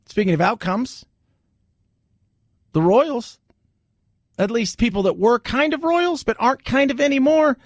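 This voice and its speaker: A man's voice: very high voice, a little slow, pauses often, no echo, studio quality. A man hosting a talk radio show, chatting casually in a wry, sarcastic way.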